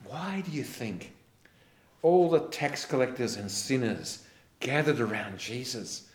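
A man's voice: mid-range voice, animated, measured pace, roomy sound. A man preaching an earnest sermon as a pastor. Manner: earnest, ends in a quiet prayer.

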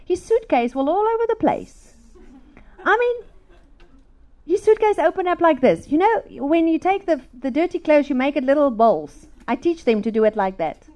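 A woman's voice: high-pitched, sing-song, moderate pace, darkish tone. A middle-aged woman, preaching a sermon through emotional personal stories.

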